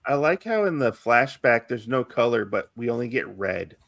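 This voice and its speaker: A man's voice: medium pitch, very animated, moderate pace, gravelly, fairly bright tone. A man on a casual podcast who speaks thoughtfully and hesitantly and asks short questions. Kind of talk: casual comic-book discussion.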